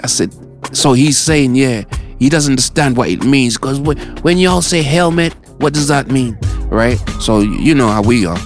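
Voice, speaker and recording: A man's voice: medium pitch, normal speed, soft background music. A British man hosting a radio show, chatting casually with listeners and often checking in with "all right?". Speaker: radio host.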